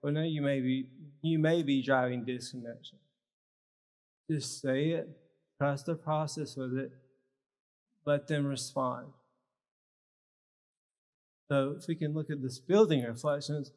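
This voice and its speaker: A man with a slightly high voice leads a live workshop, driving his points home in short, punchy phrases. His voice rings with the long reverb of a large church hall. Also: a little slow, long pauses, a little mellow. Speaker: speaker at a health symposium.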